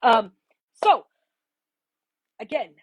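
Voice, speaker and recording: A woman's voice: a little high, big pitch swings, extremely slow, no echo, poor audio. A woman in her forties from Arizona hosting a casual craft livestream, chatting with viewers and greeting them by name, sometimes emotional. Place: home craft room.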